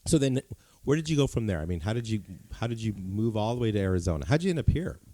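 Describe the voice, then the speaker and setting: A man hosting a casual interview in his conference room, asking questions in a relaxed, encouraging way with frequent restarts. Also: lowish voice, fast. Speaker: interview host. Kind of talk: conversational interview.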